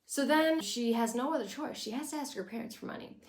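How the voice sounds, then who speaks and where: A woman's voice: fairly high pitch, brisk. A young woman giving a casual, sarcastic and opinionated recap, blunt and outspoken in tone. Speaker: recap vlogger. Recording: echoey room.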